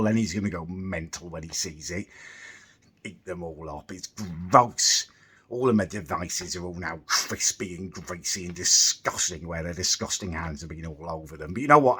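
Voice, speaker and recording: Young man ranting, bright and husky. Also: low voice. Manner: ranting, exasperated, sarcastic; quiet, subdued at the start. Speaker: vlogger. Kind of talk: casual vlog rant.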